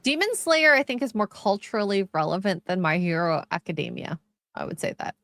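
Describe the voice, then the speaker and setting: A woman's voice: medium pitch, animated, a little fast, a bit bright, no echo. A woman hosting a casual livestream, reading out viewer comments in a teasing, giggly way. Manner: laughs often, casual and teasing.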